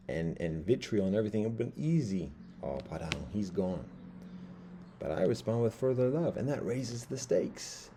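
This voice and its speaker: Man, 50s, low and deeply mellow voice; rambling monologue that stalls on repeated words and restarts. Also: slight background noise.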